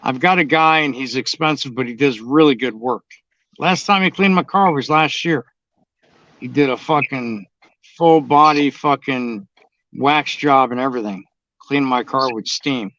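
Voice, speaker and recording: A man's voice: mid-range voice, measured pace, fairly bright tone, dry recording. A man chatting casually and bluntly, swearing constantly as he tells his stories. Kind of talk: casual profane chat. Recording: dull, dry lo-fi sound.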